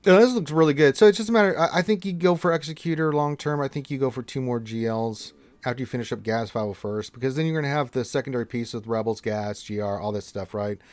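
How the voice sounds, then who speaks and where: A man's voice: mid-range voice, quick pace, no room sound. Laid-back slangy man on a dry mic. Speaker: co-host of a gaming livestream. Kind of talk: casual chat, reading viewer questions.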